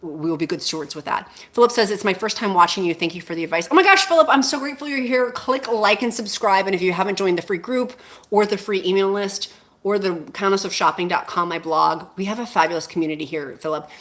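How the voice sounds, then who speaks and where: A woman's voice: medium pitch, fast talker, a bit bright. A woman hosting a casual livestream, gushing and effusive as she greets viewers and reads their comments aloud. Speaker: livestream host.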